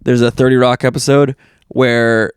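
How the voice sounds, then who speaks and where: A man co-hosting a podcast, reading out news items and landing deadpan puns in casual comedic chat. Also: mid-range voice, normal speed, clear, resonant tone, no room sound. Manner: deadpan joke-telling, trails off with fillers. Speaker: podcast co-host.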